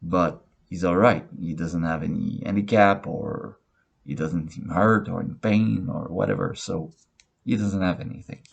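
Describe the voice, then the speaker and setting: A man with a very low voice and a gravelly, husky rasp talks through a movie review at an unhurried pace. He rambles, stumbles over restarts and fillers, and swears freely, all in a casual, offhand tone. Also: lo-fi sound.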